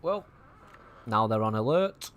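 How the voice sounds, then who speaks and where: A man's voice: lowish voice, animated, measured pace, a bit bright, slight background noise. A man with a Manchester accent chatting and thinking aloud over a game he plays, casual and a little sweary. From England. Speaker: gaming streamer. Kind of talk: casual gameplay commentary.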